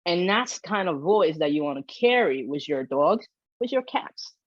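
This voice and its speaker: A woman dog behavior consultant explaining pet handling in an animated way during an educational webinar, heard over a video call. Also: deep voice, moderate pace, dry recording. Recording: dull dry video-call audio.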